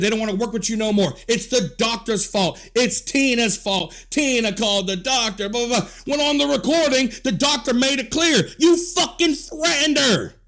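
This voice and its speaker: A man's voice: very high voice, a bit bright. A man delivering a heated, profanity-filled rant to camera, scolding and repeating himself. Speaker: commentator.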